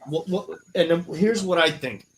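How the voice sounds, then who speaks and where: A man's voice: a little high, moderate pace, a little hiss or hum. A man hosting a podcast in casual chat, with loose, profane banter and lots of fillers. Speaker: podcast host.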